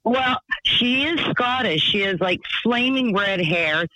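A man voicing a rambling, excitable woman calling in to a radio show. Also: sits high, slow, no room sound, exaggerated voice, rough recording. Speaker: caller.

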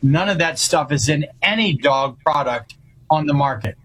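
A man's voice: fairly high pitch, animated, normal speed, a bit bright, husky, rough recording. A man appearing as a radio show guest who founded a company, speaking confidently in a promotional tone.

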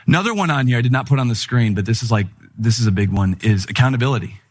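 A middle-aged man preaching a sermon in a conversational, humorous style, telling animated stories. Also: mid-range voice, racing. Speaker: pastor.

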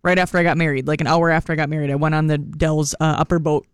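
A woman's voice: low-pitched, little pitch movement, racing, clear, resonant tone, dry recording, clean studio sound. A woman co-hosting a radio morning show, talking in an easygoing, chatty way and laughing often. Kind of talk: casual radio banter.

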